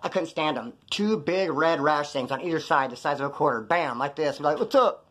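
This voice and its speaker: Cali guy talking fast, kinda high voice, rambling cussy storytime. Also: fairly bright tone. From California. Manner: profane, rambling, acts out other people's lines. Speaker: storyteller recounting jail time. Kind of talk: casual storytelling.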